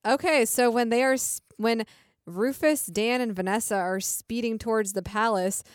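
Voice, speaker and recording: Relaxed young woman podcast co-host. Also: fairly high pitch, normal speed, no echo, clean studio sound. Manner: relaxed, trailing off, stumbling over words. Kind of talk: casual chat.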